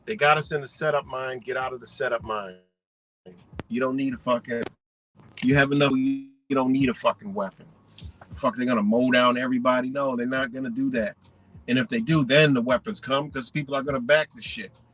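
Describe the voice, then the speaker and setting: Forceful, profane man ranting on a livestream. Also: mid-range voice, steady tone, fairly quick, rough recording. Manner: profane, slangy and emphatic, fillers like "you know". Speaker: livestream host. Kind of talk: unscripted livestream rant.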